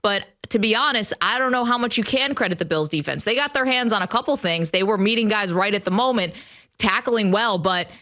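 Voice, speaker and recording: A woman's voice: medium pitch, expressive, a little fast, pushed and bright. A woman co-hosting a sports talk show from a studio, making opinionated, emphatic football takes with frequent laughter. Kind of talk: casual sports debate.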